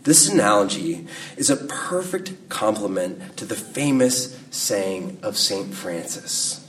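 A man in his thirties preaching a sermon in a slow, measured way, letting his phrases fall soft at the ends. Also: fairly low pitch, expressive, a little hiss or hum. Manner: slow, measured delivery with soft dropping endings. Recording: distant mic with faint room ambience.

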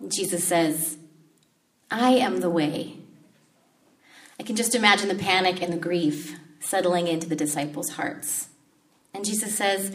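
A woman's voice: a little slow, pauses often. Woman preacher, heard from a distance. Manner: animated storytelling, acting out the disciples' panic in a high voice. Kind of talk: sermon.

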